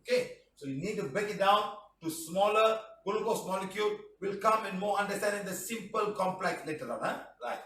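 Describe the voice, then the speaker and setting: A man's voice: high voice, expressive, brisk, few pauses, a bit bright, a little hiss or hum. A middle-aged man, teaching a live class in a joking, teasing way, reading out viewer comments and ending phrases with "huh?" and "lah". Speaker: healing teacher. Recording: roomy echo, mic at a distance.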